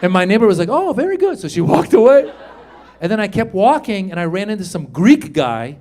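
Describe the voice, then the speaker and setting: A man in his forties, originally from Iran, performing a stand-up comedy set on stage, shouting his punchlines. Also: sits high, fairly quick, big-room sound. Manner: animated, loud punchlines with shouted quoted lines. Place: comedy stage before a live audience.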